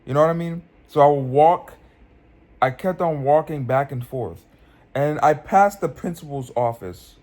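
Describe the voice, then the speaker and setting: A man's voice: fairly high pitch, lively intonation, moderate pace, a little mellow. A young man telling a dream story into his phone in a casual, rambling way, full of restarts and fillers. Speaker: vlogger.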